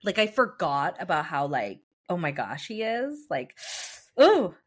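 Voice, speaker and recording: Lively young woman gushing in casual chat. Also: lowish voice, measured pace. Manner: gushing, animated, lots of filler words. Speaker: podcast co-host.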